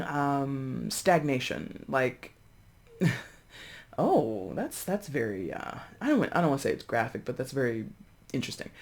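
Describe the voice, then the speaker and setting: A tarot reader in a casual, chatty reading to camera, expressive and full of fillers and restarts, calling viewers friends. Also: mid-range voice. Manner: breezy, addresses viewers as friends.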